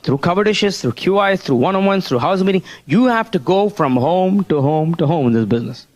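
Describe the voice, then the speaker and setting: A high-pitched man gives a motivational business seminar talk. He keeps prodding the audience with rhetorical questions and calls of "Hello?". He explains his points while sketching on a board. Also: animated, brisk, a little mellow.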